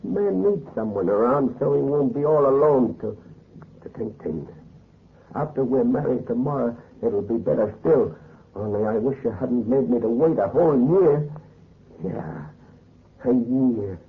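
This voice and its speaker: An actor playing a rough, slangy adventurer haunted by a curse, speaking nervously in a 1930s radio drama. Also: male voice, mid-range voice, animated, unhurried. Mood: uneasy. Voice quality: gruff slangy talk, nervous and jittery. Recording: tinny old radio recording.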